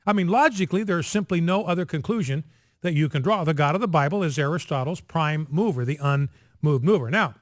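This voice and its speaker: A man's voice: on the high side, fairly quick, no echo, clean studio sound. A male radio host giving an emphatic, repetitive monologue that drills each point home with insistent repetition. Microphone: studio microphone.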